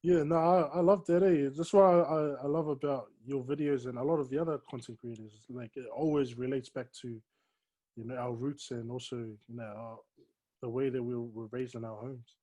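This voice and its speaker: A man hosting a podcast, asking relaxed questions in a casual interview. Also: medium pitch, moderate pace, poor audio. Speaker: podcast host.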